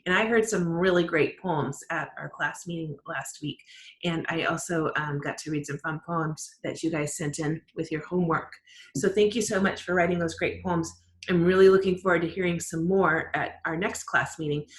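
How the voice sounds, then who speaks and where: A woman teacher giving an online writing lesson to her class, upbeat and encouraging, explaining slowly. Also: on the low side, fairly even intonation. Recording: roomy echo.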